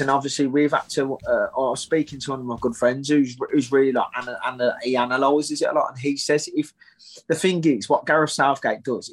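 A man talking as a guest on a casual podcast, thoughtful and often restarting his sentences. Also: mid-range voice. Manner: thoughtful, repeats words as he starts. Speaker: guest, bare-knuckle fighter.

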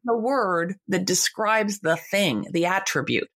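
A woman's voice: mid-range voice, lively intonation, a little slow, a bit bright. An older woman, a guest author, speaking emphatically and with firm opinions in a conversational interview.

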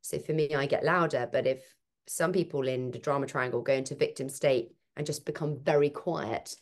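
A woman with a low, deep voice talks through ideas in a relaxed podcast chat. She is emphatic and animated, thinking aloud as she explains herself. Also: normal speed. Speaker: podcast guest, parenting speaker. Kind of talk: casual conversational interview.

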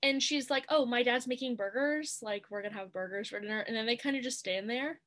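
A woman's voice: fairly high pitch, fairly quick, fairly bright tone. A woman co-hosting a podcast, chatting casually and animatedly as she recaps a TV movie and quotes its scenes in playful voices. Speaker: podcast co-host.

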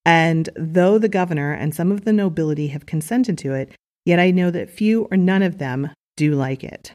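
A blunt Scottish official makes a defiant, earnest case, read aloud by a woman in her own low voice. The words come steadily, with no put-on accent. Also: moderate pace, a little mellow, close to an everyday voice.

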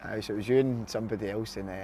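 A man in casual chat, talking in a hurried, halting way with restarts. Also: lowish voice, steady tone, a crowd in the background.

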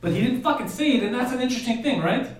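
A man hosting a live podcast, asking questions in an excitable way and cracking quick jokes. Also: very high voice. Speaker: podcast host. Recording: echoey room, distant mic.

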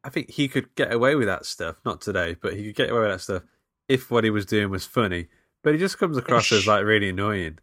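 A man's voice: on the low side, animated, fast, fairly bright tone, dry recording, clean studio sound. A man co-hosting a podcast, chatting hesitantly about a film and laughing often. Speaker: podcast co-host. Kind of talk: casual film chat.

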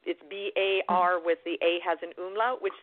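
A woman chatting casually as a guest, relaxed with many fillers. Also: fairly low pitch, moderate pace. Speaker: guest describing travel. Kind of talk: casual chat. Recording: tinny phone line.

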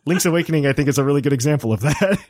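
A man's voice: fairly high pitch, animated, rapid-fire, a little mellow, no room sound, clean studio sound. A man in his late twenties co-hosting a casual chat, rambling with lots of fillers and poking fun at himself. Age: 20s. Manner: rambling, filler-heavy, self-mocking.

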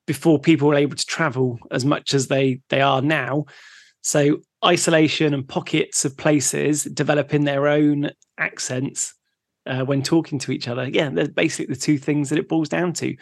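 A man from England co-hosting a podcast, chatting in a relaxed way and laughing easily while recapping facts. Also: fairly high pitch, normal speed, vocal fry, no room sound, clean studio sound. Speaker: podcast co-host. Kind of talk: casual chat.

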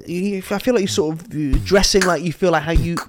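A man's voice: high-pitched, fairly quick, faint music behind, pitched above the performer's own voice, close to an everyday voice. A man voicing a sensitive young male racing driver in a raised, wistful, gushing tone in a comedy podcast bit.

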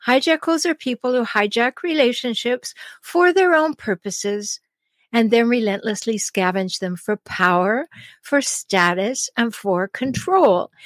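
A middle-aged woman hosting a solo advice podcast as a relationship coach, speaking deliberately and slowing down with pauses to stress key words. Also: on the high side, no echo.

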